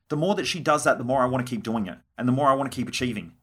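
A man's voice: mid-range voice, very fast, few pauses. A young adult man hosting a solo podcast monologue, blunt and swearing freely as he acts out quoted conversations. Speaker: podcast host.

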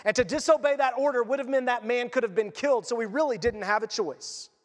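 A man's voice: very high-pitched, fast talker, in a large hall. A man preaching a sermon, speaking emphatically and repeating his key phrases.

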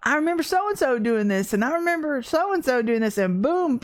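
Lively woman telling a sermon story. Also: high-pitched, normal speed, dry recording, studio quality. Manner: animated storyteller, laughs often, acts out quotes. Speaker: Christian ministry teacher. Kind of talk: casual spoken sermon with personal stories.

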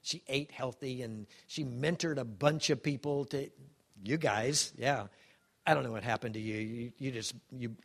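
Older man in his 70s, halting, emotional testimony with a wry humor; mid-pitched. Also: creaky. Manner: halting, emotional, many restarts. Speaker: speaker sharing a personal testimony. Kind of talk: heartfelt personal testimony.

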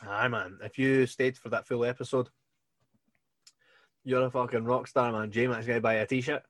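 A man's voice: medium pitch, steady tone, moderate pace, a bit bright, no room sound. Scottish man, podcast co-host, casual swearing chatter, frequent laughs, dry close sound. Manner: laughs often, swears freely. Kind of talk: casual chat.

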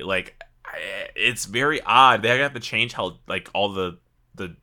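A man co-hosting a casual gaming podcast, explaining things in an animated way and laughing often. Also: on the low side. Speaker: podcast co-host.

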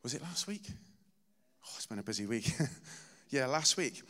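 A man delivers a relaxed, conversational sermon in a church, weaving personal anecdotes with light self-deprecating humor. His voice sits at an ordinary middle pitch and carries a long hall reverb. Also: unhurried. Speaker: preacher.

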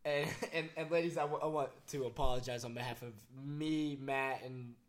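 Young man, co-host, casual chat, emphatic advice, medium pitch. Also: fairly even intonation, moderate pace.

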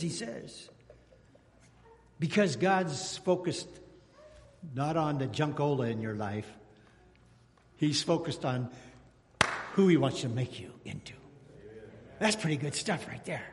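A man preaching a sermon as pastor, animated and calling out to the congregation. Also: sits high, normal speed, long pauses, in a large hall. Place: church sanctuary.

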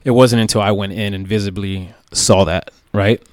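A man's voice: fairly low pitch, steady tone, normal speed, no echo. A police tactical officer, a man, recounting events in a plain-spoken, casual way with lots of "like" and "right?". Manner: plain-spoken, many fillers like "like" and "right?", occasional swearing.

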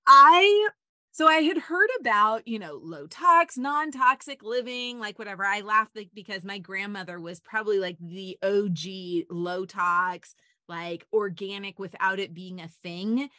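A woman's voice: medium pitch, unhurried, bright, forceful tone, no echo. A middle-aged woman hosting a faith-based podcast, chatty and enthusiastic, rambling off on tangents. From United States. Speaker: podcast host.

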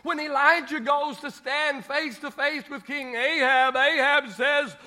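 High, bright-voiced male pastor preaching. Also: a little slow. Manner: animated preaching, acting out Bible scenes with humor. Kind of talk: sermon.

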